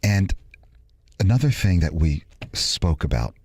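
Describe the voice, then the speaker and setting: A man's voice: low voice, big pitch swings, measured pace, darkish tone, husky, no room sound. A man co-hosting a radio show, joking and teasing in playful banter. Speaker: radio co-host.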